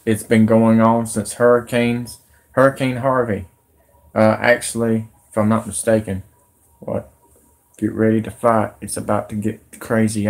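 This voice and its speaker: A man talking on a live stream, urgent and rambling as he addresses his viewers. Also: fairly low pitch. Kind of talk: excited live stream talk.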